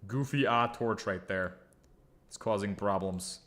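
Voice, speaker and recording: A man's voice: on the low side, measured pace, fairly bright tone. A man giving casual, jokey gameplay commentary, muttering and humming to himself as he builds. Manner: jokey, self-mocking, hums and mutters to himself. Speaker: gaming video creator.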